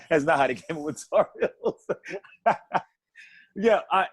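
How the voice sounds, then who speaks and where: A man's voice: a little high, lively intonation, takes it slowly, slightly rough. Rambling laid-back male podcast co-host. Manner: rambling, profane, laughs between points. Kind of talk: casual chat.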